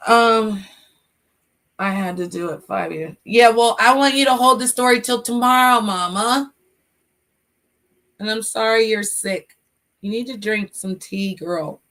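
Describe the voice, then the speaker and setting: A middle-aged woman hosting a casual livestream, chatty and emotional, giving shout-outs to her chat. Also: a little high, unhurried, pauses often. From United States. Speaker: livestream host.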